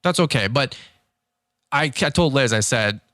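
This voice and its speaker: Male podcast host, 30s, candid and animated storyteller, mid-range voice, dry close recording. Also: medium pitch, normal speed, no echo. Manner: animated storyteller who reenacts conversations, frank and fired up. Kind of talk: candid motivational podcast monologue.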